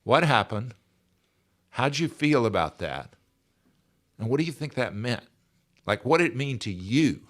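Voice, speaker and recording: A man's voice: lowish voice, a bit bright. A man in his sixties, speaking as a podcast guest in an earnest, emphatic way and repeating his key phrases. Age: 60s. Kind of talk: conversational interview.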